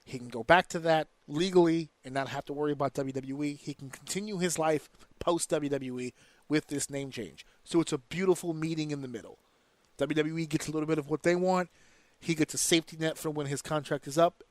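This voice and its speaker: Podcast host, male, fairly high voice, dry close sound; heated and profane, talking in slang. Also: a little fast, no room sound. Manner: profane, heated opinionated rant; slips into slang and mimicked voices. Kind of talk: casual wrestling commentary.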